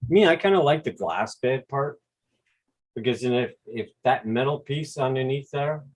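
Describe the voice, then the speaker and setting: A man with a Quebec accent, hosting a relaxed, rambling livestream chat over a video call with some mild swearing. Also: medium pitch, moderate pace. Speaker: drone channel host.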